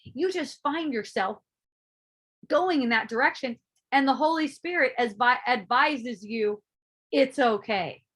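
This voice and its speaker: A woman giving a casual spiritual talk, animated and laughing often, acting out her own inner voices and swearing freely. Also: high voice, a little slow, husky. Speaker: spiritual teacher.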